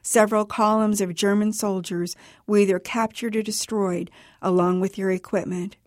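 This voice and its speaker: In a studio-quality recording with no echo, a medium-voiced woman reads her personal story on the radio. She is the author, and her storytelling stays steady and measured.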